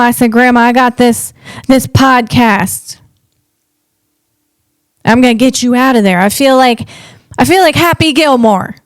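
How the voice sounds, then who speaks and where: A woman's voice: on the high side, clean tone, dry recording. A woman from the Northeast US hosting a casual comedic podcast, chatty and rambling, often restarting her sentences.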